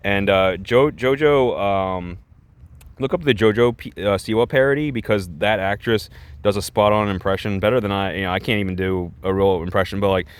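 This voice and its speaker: A man's voice: fairly low pitch, normal speed, clear, resonant tone. A man ranting in reaction commentary, rambling and exasperated, with many restarts and fillers. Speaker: vlogger.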